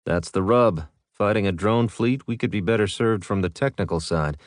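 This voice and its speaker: Audiobook: blunt male major, commanding, low and close, read by a narrator. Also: normal speed, dry recording, lightly acted. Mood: firm. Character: blunt male military major, team leader.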